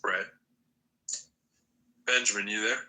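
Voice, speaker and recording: A man with a very bright, forward voice pitched a touch low hosts a loose group chat. He rambles, jokes and calls people up by name. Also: steady tone, slow pace, low-quality recording. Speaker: host of a group audio chat room.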